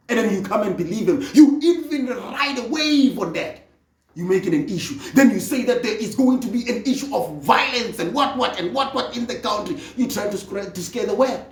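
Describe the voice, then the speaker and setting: A speaker from Africa, delivering an impassioned political monologue that often rises to a shout. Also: medium pitch, reverberant, distant mic. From South Africa. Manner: fervent, often rising to a shout.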